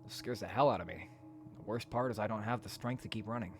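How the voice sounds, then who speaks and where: A man reading a horror dating game aloud in a quiet voice, breaking into loud, profane rants between passages. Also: lowish voice, quick pace, soft background music. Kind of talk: let's play narration and commentary.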